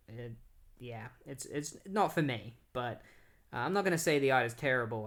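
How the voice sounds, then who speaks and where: Man of ordinary pitch, relaxed, filler-heavy comic book reviewer with frank opinions. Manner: loose and conversational, full of "like" and "um"; recaps the plot then gives blunt opinions. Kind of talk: casual spoken review.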